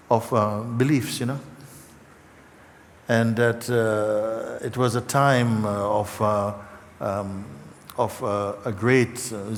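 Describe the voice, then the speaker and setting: Low-ish guy giving a spiritual talk, slow and halting, lots of uh and you know, echoey big hall, faint hiss. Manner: unhurried, halting, many fillers and repeats. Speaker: spiritual teacher. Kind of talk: live spiritual talk to a gathering. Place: large meeting hall. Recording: long hall reverb, faint background noise.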